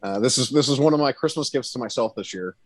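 A man's voice: medium pitch, quick pace. Hesitant male podcast host. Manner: friendly, hesitant, filler-heavy. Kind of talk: casual interview chat.

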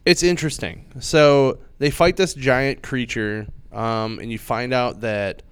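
Male comic podcast host, excited rambling recap, clean resonant voice, dead-dry recording. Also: medium pitch, measured pace, clear, resonant tone, no room sound. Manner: rambling, filler-heavy, enthusiastic retelling. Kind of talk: casual chat.

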